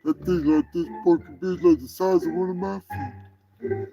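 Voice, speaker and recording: A man's voice: sits high, steady tone, normal speed, highs cut off, over music. A man doing a clumsy impression of a famous basketball star, boasting and swearing. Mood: boastful.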